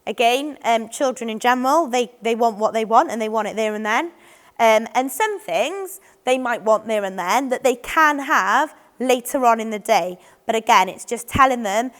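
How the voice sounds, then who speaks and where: A woman's voice: on the high side, expressive, normal speed, a bit bright. A woman giving an informal training talk, with many ums and restarts, acting out what children and adults might say. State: voice a bit off today. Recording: long hall reverb.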